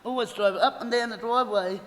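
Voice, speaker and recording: A woman's voice: a little high, a little fast, a bit bright. A middle-aged Australian woman giving a rambling, chatty eulogy at a funeral and laughing through her stories. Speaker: eulogy speaker. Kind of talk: funeral eulogy, anecdotal storytelling. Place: funeral hall. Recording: echoey hall with faint noise.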